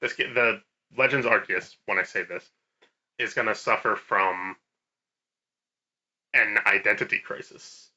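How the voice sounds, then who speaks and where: A man's voice: on the low side, unhurried, long pauses, sharp tone, muffled recording. A man co-hosting a podcast, talking emphatically about games, swearing casually and restarting words. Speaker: podcast co-host. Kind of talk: casual gaming chat.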